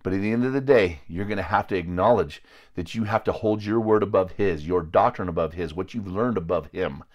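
A man with a low, slightly mellow voice talks a little fast over lo-fi audio. He's a lay preacher addressing a small group informally, blunt, confrontational and sometimes crude, rambling and restarting his sentences.

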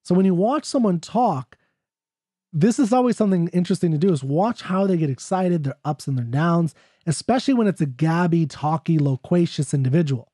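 A man lecturing on poetry in a loose, talky way, getting excited as he goes. His voice sits a bit high for a man but sounds mellow and dark. The sound is dry and close, with no room in it. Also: brisk, no room sound. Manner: excitable, talky, reads quotes aloud. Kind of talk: off-the-cuff lecture.

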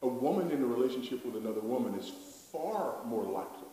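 A man's voice: mid-range voice, expressive, quick pace, dark tone. Emphatic preacher man in an echoey hall. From United States. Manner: emphatic, rhetorical, repeats key lines. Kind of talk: sermon. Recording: very echoey hall, distant mic, faint noise.

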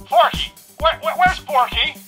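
A man's voice: very high voice, a little slow, faint music behind, full character voice. A man voicing a cheerful cowboy sheriff toy with a folksy drawl, played back from a small toy speaker heard from a distance. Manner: folksy drawl, shouted yeehaws.

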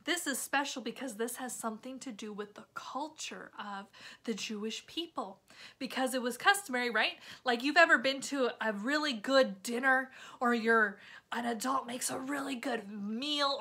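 A woman teaching children a Bible lesson in an animated, chatty way, with frequent asides to the kids. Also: on the high side, moderate pace, breathy edge.

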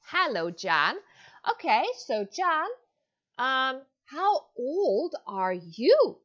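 An ESL teacher in her thirties gives a demo online lesson to a young child, stretching each word out slowly and showering the child with praise in an exaggerated, encouraging way. Her fairly high, slightly bright voice swoops up and down with great energy and is very animated, though the recording itself sounds dull and lo-fi.

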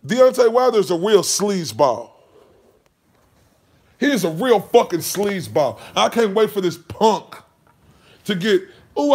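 A man's voice: very high-pitched, lively intonation, measured pace. A man ranting about boxing on his channel, heated and mocking, swearing constantly. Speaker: boxing commentary vlogger. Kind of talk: profane casual rant.

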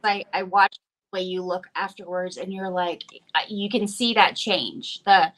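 A mother hosts a casual live-streamed conversation, her voice bright and forceful. She rambles, breaking off and restarting her sentences as she goes. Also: medium pitch, a little slow, poor audio. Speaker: host, mother.

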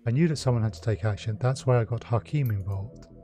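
A man's voice: medium pitch, fast, mellow, soft background music, lightly acted. Man reading as a haunted young elf woman. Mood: bitter. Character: young haunted female elf, sleepless and bitter.

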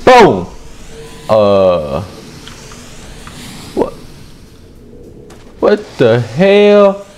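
A young man streams his gameplay with loud, profane trash talk, his pitch swinging widely as he yells. He speaks at an unhurried pace, with a faint hiss of noise behind him. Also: huge pitch swings. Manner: loud, profane, trash-talking, often shouting. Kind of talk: gameplay commentary.

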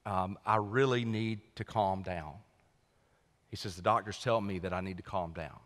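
A male senior pastor preaching a sermon, swinging from loud, lifted lines down to quiet, low emphasis. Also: normal speed. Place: church sanctuary. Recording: long church hall reverb.

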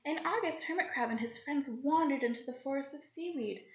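A woman reading a children's picture book aloud with lively character voices and little asides to young listeners. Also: high-pitched, fairly quick. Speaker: children's story reader. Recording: lo-fi recording in an echoey room.

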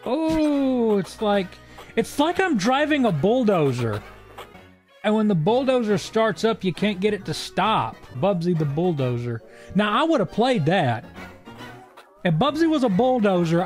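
A young game streamer delivers let's-play commentary full of sarcastic, profane wit. His fairly high voice swings lively between deadpan lows and excited peaks, and he speaks unhurriedly over faint background music.

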